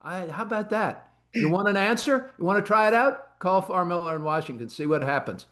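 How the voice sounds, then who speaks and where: Male podcast host, slightly high voice, casual rambling chat, lots of fillers. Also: fairly quick, fairly bright tone. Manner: rambling, conversational storyteller with frequent fillers.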